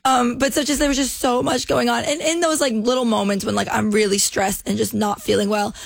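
A young woman whose voice has gone hoarse and nasal, with a gravelly fry running through it. She rambles through a self-deprecating story in casual morning radio chat. The sound is dry and close. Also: a little high, fairly even intonation, a little fast, no echo. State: hoarse, lost voice. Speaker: radio show producer.

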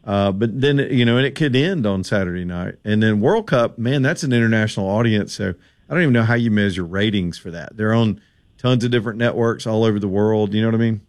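A man's voice: lowish voice, a little fast. A man hosting a radio call-in show, joking and bantering with callers. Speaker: radio talk show host. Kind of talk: casual call-in radio chat.

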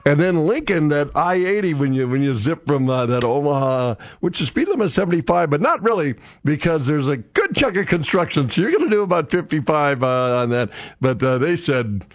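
A man's voice: fairly high pitch, very animated, fairly quick, few pauses, no room sound, highs cut off. Rambling man on morning radio. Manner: rambling, laughs often. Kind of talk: casual radio chat.

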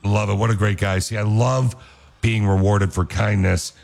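A man's voice: on the low side, steady tone, moderate pace, creaky, a little mellow, slight background noise. A man hosting a radio show, talking enthusiastically in a casual chat style. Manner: enthusiastic, repeats praise. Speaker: radio host. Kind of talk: upbeat morning radio chat.

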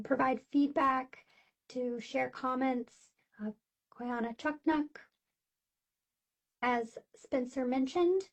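A woman moderating a public hearing by teleconference, speaking in a measured way with frequent fillers. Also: sits high, vocal fry, warm tone. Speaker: meeting facilitator. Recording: dull lo-fi call audio.

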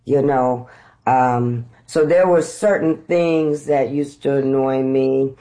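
A middle-aged woman from the United States, an actress being interviewed, telling lively stories and laughing often. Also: a bass voice, slow, poor audio. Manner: animated storyteller, laughs often. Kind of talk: conversational interview storytelling.

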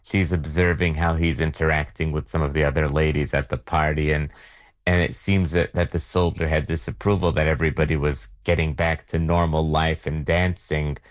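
A man, a magazine editor, giving thoughtful interview answers in a measured way with frequent restarts. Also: rumbling low, level tone, dry recording.

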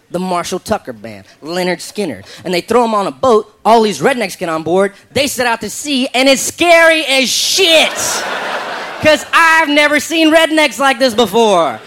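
A man from South Carolina doing a stand-up routine, telling stories excitedly and breaking into shouts. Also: high voice, normal speed, hardly any pauses. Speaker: stand-up comedian.

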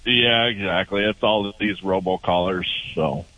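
A man's voice: low-pitched, measured pace, pushed and bright, no echo. A man calling in to a radio show, chatting in a wry, matter-of-fact way. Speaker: caller. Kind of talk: casual phone chat. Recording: dull phone-quality audio.

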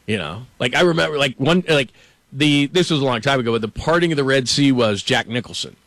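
A man's voice: medium pitch, expressive, fairly quick, a bit bright, dry recording. A man hosting a sports radio show, telling loose anecdotes with many fillers and frequent laughs into a studio microphone. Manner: rambling, laughs often, many "like"s. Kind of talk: casual studio banter and anecdotes.

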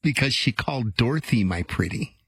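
A man's voice: mid-range voice, expressive, fairly quick, fairly bright tone, slightly rough, no room sound, studio quality. A man bantering on a late-night radio show, playful and teasing. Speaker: radio show producer, co-host. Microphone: studio microphone.

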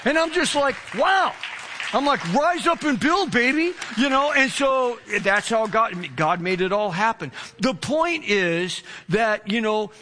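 A man's voice: high voice, a little slow, hardly any pauses, some chatter behind, a little hiss or hum. A male pastor preaching a sermon, telling a story animatedly and acting out the dialogue. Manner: animated, acts out dialogue, swings between excited and hushed.

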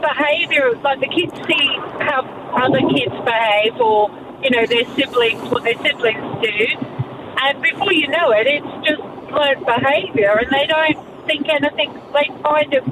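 A woman's voice: sits high, normal speed, far from the mic, noisy background. A woman, a nanny, calling a radio show, indignant and filling her speech with "like". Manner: indignant, says "like" a lot. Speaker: caller, nanny. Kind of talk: phone-in chat.

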